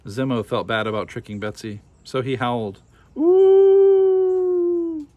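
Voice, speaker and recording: A man reading a children's picture book aloud with expressive, animated storytelling. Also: lowish voice, fairly quick, dry recording, phone-quality sound. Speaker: storybook reader.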